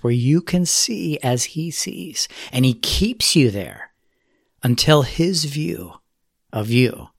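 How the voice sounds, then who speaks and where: Man preaching a sermon, gravelly voice, dry close sound, earnest and measured. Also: medium pitch, no room sound. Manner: earnest, measured, pleading exhortation.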